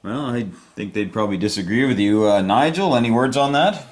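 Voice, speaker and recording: A man's voice: mid-range voice, expressive, brisk. A man hosting and commenting on a board game, upbeat and chatty as he hands over to each player. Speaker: host and game narrator.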